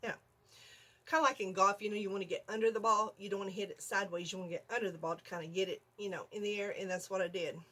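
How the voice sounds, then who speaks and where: Excitable husky-voiced woman telling a story. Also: mid-range voice, racing. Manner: excitable, laughs often, acts out screams. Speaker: vlogger. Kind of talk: animated storytelling.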